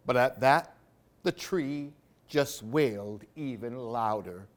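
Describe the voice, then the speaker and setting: A man reading picture books aloud for children in an expressive, sing-song way. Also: medium pitch, slow pace. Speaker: storyteller for a library program.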